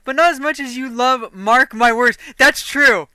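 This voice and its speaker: A woman streaming a game and chatting casually, profane and quick to laugh. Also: high-pitched, pushed and bright, dry recording. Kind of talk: casual gaming stream chat.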